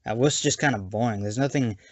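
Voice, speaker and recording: A man's voice: mid-range voice, fairly quick, no echo. A man giving a sarcastic, jokey scripted movie review with mocking asides. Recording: dull lo-fi home mic.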